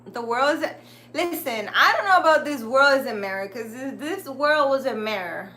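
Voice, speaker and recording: A woman's voice: sits high, lively intonation, normal speed, sharp tone, slight background noise. A woman hosting a casual livestream, rambling and chatty as she talks straight to her viewers. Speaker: livestream host.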